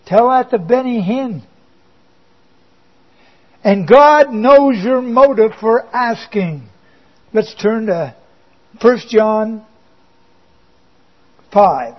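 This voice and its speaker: Slow, high-voiced preacher on lo-fi audio. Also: male voice. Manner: slow, emphatic preaching with dry asides. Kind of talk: sermon. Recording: dull lo-fi recording.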